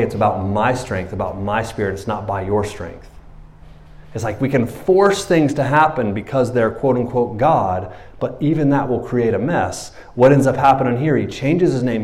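A male pastor delivering a sermon in a casual, conversational way. His voice sits at an ordinary middle pitch, and he jumps into quick put-on voices to act out the characters in his story. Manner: animated, acts out Bible characters in quick voices.

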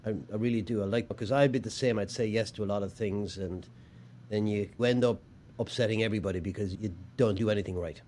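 A man's voice: fairly low pitch, fairly even intonation, fast, darkish tone, a little hiss or hum. A man hosting an interview, affirming his guest with short agreeing replies and asking questions. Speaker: podcast host. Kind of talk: interview conversation.

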